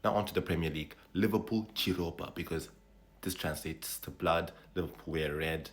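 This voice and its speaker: Man, very low voice, relaxed, chatty, short-form explainer. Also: normal speed. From Zimbabwe. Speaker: video creator. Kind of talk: casual explainer to viewers.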